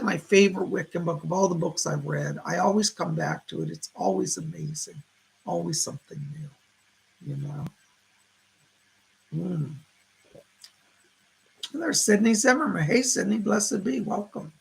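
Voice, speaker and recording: A man's voice: sits high, lively intonation, a little slow, creaky, long pauses. A man hosting a psychic live stream in a chatty, effusive way, greeting viewers by name and reading out their comments. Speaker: psychic livestream host. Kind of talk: casual live-stream chat.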